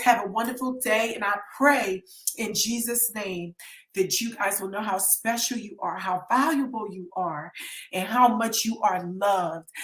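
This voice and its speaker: A woman's voice: medium pitch, roomy sound. A woman counselor, talking earnestly to viewers on a live stream and pleading with them to get help. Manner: earnest and pleading, reads out names from chat.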